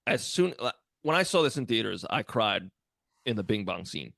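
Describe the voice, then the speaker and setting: A man co-hosting a comedy podcast, telling animated stories in casual chat and swearing freely. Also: fairly low pitch, moderate pace, gravelly, no room sound, clean studio sound.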